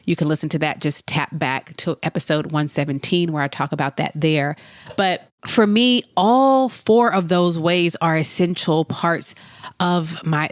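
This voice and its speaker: A woman's voice: low voice, no room sound, clean studio sound. A woman hosting a solo podcast, talking in an earnest, reflective, conversational way, a little congested. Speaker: podcast host.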